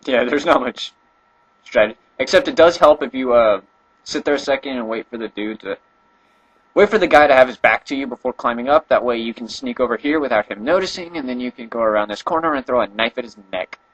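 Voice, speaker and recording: Husky-voiced man narrating a game. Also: medium pitch, brisk, a bit bright, muffled recording. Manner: laid-back, explains strategy, swears jokingly. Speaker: gameplay commentator. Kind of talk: casual walkthrough commentary.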